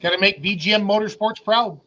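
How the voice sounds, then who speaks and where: Male co-host, casual joker, high-pitched and bright. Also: brisk. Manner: joking, teasing. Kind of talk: casual interview chat.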